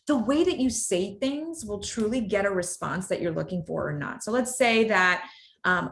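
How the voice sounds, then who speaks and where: A woman's voice: lowish voice, a bit bright. A woman with children, presenting a workplace workshop on difficult conversations in a conversational way. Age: adult, parent of children. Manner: conversational, demonstrates tones with exaggerated acted examples.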